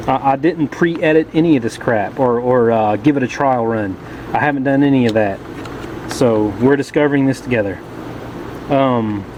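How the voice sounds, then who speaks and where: A medium-pitched man films a relaxed motorcycle how-to with the camera in one hand, chatting and cracking jokes as he works one-handed. Background noise can be heard behind his voice.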